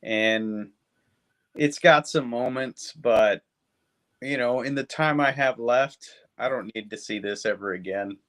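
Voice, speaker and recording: In his fifties, a podcast co-host reviews movies in rambling, profane, casual chat thick with fillers. He speaks a little slowly at medium pitch, with a slightly bright tone.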